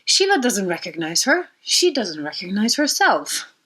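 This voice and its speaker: A woman's voice: mid-range voice, sing-song, measured pace, bright, forceful tone, breathy edge, low-quality recording. A woman astrologer retelling a myth and reflecting on it in a rambling, personal way, sometimes dropping to a near whisper. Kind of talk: storytelling talk on myth and astrology.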